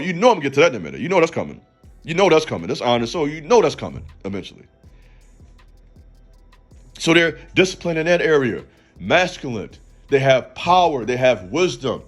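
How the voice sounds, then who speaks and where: Emphatic preaching man, higher voice. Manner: preachy, emphatic, calls out to listener. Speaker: channel host. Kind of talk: motivational faith talk.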